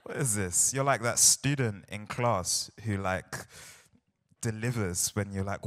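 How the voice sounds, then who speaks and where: On stage in a large hall, a young poet with a South London accent performs spoken word and banters playfully with the audience. His voice is lowish and fairly bright, at a moderate pace, and the live recording carries a long reverb.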